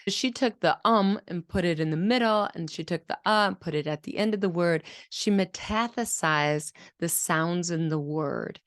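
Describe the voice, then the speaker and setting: A woman speech-language pathologist explaining children's speech patterns in a clear, teaching manner and acting out sounds as examples. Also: fairly low pitch, normal speed, few pauses, dry recording, clean studio sound. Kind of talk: teaching video lesson.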